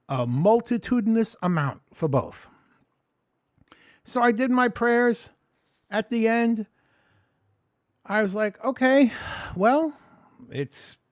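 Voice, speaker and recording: A man telling a story in a casual vlog, animated and swearing often as he rants about his day. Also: high-pitched, no room sound, clean studio sound. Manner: animated, profane, ranting storyteller. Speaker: vlogger.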